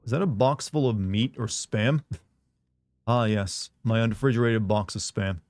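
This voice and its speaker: A man's voice: fairly low pitch, normal speed, a little mellow. An American man streaming a game live, joking and chatting with his viewers as he plays. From United States. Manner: joking, chatty, talks to chat while playing. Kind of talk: live gameplay commentary.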